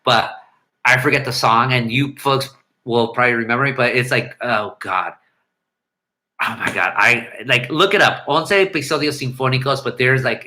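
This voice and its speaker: A middle-aged man chatting loosely on a home livestream, reading out comments as they come. His voice is bright and forward. He wanders between thoughts and breaks into hummed, scatted bits of melody. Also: mid-range voice. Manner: rambling, hums and scats melodies. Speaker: livestream host. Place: home room.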